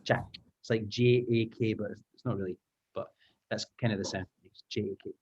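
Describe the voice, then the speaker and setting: Leading an online taster class in language teaching, this male English teaching trainer talks a little fast with a fairly low, slightly mellow voice and fairly even intonation. He stays upbeat and encouraging while walking through sounds step by step. The video-call recording is muffled, with slight background noise.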